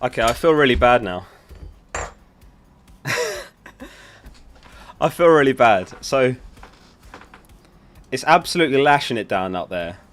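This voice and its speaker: A man's voice: medium pitch, lively intonation, slow, long pauses, a little hiss or hum. A young man hosting a casual livestream, chatty and giggly as he talks to his viewers from home. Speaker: livestream host. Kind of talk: casual live-stream chat.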